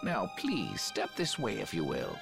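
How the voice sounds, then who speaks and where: A man voicing a calm, formal old male village elder, reading game lines aloud in a measured way. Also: deep voice, gravelly, soft background music, voice pushed down, full character voice. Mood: solemn.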